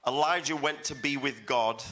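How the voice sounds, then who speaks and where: At a church service, a middle-aged guest pastor preaches at a moderate pace in a medium-pitched, slightly bright voice. His sermon is emphatic, with phrases repeated for effect.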